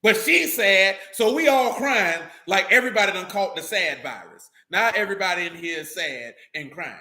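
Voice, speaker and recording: Man, high voice, casual religious teaching, slangy and joking, echoey room. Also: moderate pace. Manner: animated, slangy and joking, with frequent asides. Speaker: speaker leading a religious assembly talk.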